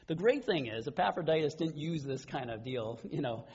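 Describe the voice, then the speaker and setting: A man giving a sermon as pastor, speaking conversationally, with quiet asides and the odd chuckle. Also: on the high side, expressive, moderate pace, breathy edge, muffled recording.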